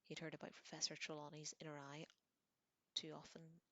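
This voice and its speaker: A woman reading a novel aloud in a calm, hushed voice, partly whispered. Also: low voice, a little fast, no echo. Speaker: audiobook reader.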